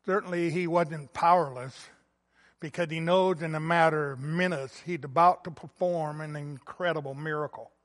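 Pastor for a sermon: man with a high voice, unhurried delivery, earnest, in a reverberant church hall. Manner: earnest preaching, swelling loud then dropping quiet.

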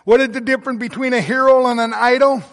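A man's voice: very high-pitched, steady tone, quick pace. Man, pastor, sermon, emphatic preaching, reverberant sanctuary. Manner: emphatic preaching, swelling to loud emphasis then dropping soft.

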